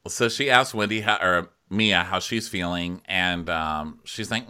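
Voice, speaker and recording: A man co-hosting a podcast, recapping a reality show in a playful, expressive, comedic way. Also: low-pitched, unhurried, few pauses, clear, resonant tone. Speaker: podcast co-host.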